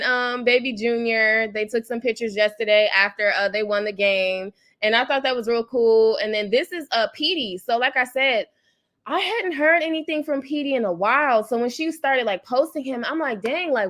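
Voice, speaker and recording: Rambly woman on a live stream, kinda high voice, keeps saying like i said and shouting out the chat. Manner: chatty, rambling, repeats "like I said", talks to chat viewers. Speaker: YouTube channel host. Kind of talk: casual livestream celebrity gossip commentary.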